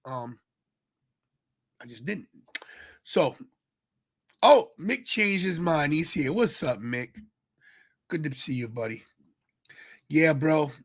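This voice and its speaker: A man's voice: a little high, expressive, slow pace, pauses often. A tired man, a father, hosting a casual live wrestling stream, rambling and greeting viewers in the chat. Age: adult with kids. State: tired, yawning. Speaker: podcast host.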